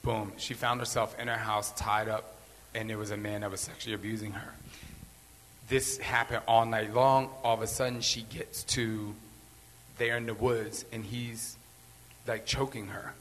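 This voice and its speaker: A man's voice: fairly low pitch, level tone, normal speed, fairly bright tone, a little hiss or hum. Earnest rambling man in a reverberant hall. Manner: earnest, rambling, repeats phrases for emphasis. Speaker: podcast host. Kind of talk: candid motivational talk.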